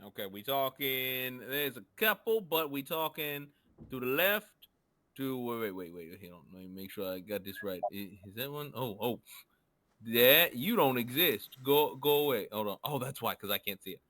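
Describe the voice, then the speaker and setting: A man steering a tabletop game with a bright, bouncy voice that rises and falls all over. He teases his players playfully and sings out his lines, recorded close and dry. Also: mid-range voice, expressive, normal speed, no room sound. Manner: playful, teasing, sing-song. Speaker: game master. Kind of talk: running a tabletop game session.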